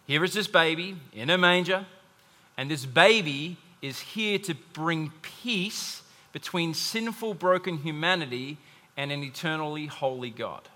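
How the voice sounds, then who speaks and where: A pastor preaches to his congregation in a church hall, his voice slightly high, bright and forceful, his pace unhurried. His sermon is conversational, with asides and humor, and the recording carries a long hall reverb.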